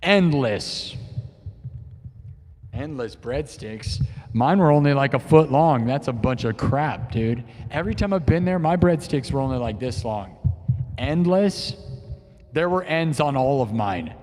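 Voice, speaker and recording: A man's voice: medium pitch, expressive, unhurried, darkish tone. A man hosting a live music stream, rambling and joking in playful rants to his chat. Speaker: livestream host and improvising musician. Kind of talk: rambling comedic livestream chat. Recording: long reverb.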